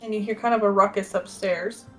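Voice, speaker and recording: A woman's voice: mid-range voice, fairly even intonation, fairly quick, sharp tone, faint music behind. A woman narrating as game master of a tabletop game, casual and full of fillers.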